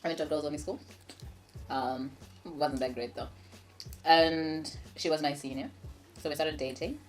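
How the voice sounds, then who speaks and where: Young woman co-host, low deep voice, frank playful banter, faint music underneath. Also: normal speed. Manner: frank and playful, laughs often. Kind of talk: casual chat over a meal.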